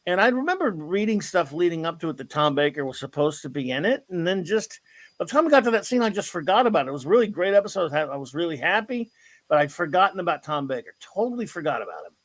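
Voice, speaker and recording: A man's voice: on the high side, big pitch swings, fast, dry recording. A middle-aged man hosting a casual chat, telling a story in an enthusiastic, rambling way. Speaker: host.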